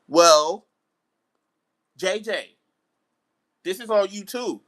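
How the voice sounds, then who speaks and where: Ranting man, high and bright. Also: slow pace, pauses often. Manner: animated, repetitive ranting. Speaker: basketball vlogger. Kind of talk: live-stream sports rant.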